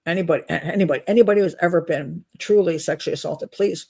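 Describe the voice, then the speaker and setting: A woman's voice: fairly low pitch, quick pace, vocal fry, a little mellow, slightly rough. A woman hosting a crime-profiling show, talking casually through a case with emphatic, incredulous rhetorical questions. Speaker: host of a crime profiling channel. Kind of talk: casual live-show commentary on a criminal case.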